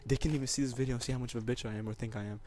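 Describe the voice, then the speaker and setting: A man's voice: medium pitch, fairly even intonation, racing, heavy background noise. A young man making an emotional, teary proposal over a gaming commentary, rambling and repeating himself. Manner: rambling and repetitive, often saying basically. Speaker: YouTuber.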